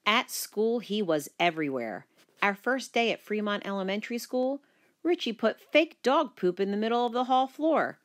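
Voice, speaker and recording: A woman reading a children's book aloud, narrating in the first person with lively expression. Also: mid-range voice, moderate pace. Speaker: storyteller.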